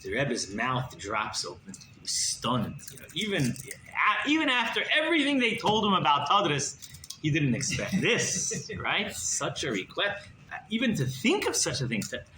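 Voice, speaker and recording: A rabbi giving a sermon as an animated, conversational story. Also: male voice, a little high, moderate pace. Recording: roomy hall with background noise.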